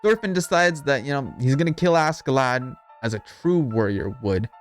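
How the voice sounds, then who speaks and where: A man's voice: medium pitch, animated, moderate pace. Profane, sarcastic young man narrating. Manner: irreverent, profane, sarcastic, rambling. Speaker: video narrator. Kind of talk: comedic anime recap narration. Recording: voice-over with background music.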